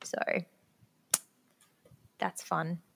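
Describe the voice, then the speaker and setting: A young adult woman chatting casually, telling work stories quickly and acting out the quotes with lively energy. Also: slight background noise. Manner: quick, animated storytelling, acts out quotes. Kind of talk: casual chat.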